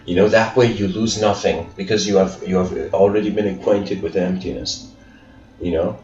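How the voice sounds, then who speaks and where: A man's voice: deep voice, fairly even intonation, moderate pace, darkish tone. A man giving a casual spiritual lecture, rambling with many fillers and frequent laughs. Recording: echoey room, far mic, dull sound, faint music.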